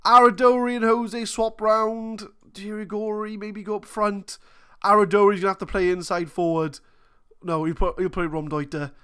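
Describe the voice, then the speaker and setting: Live on her gaming channel, a woman narrates her football management game as she thinks it through, shifting from mutters to shouts. She speaks at medium pitch and a moderate pace, with a flat, smooth delivery.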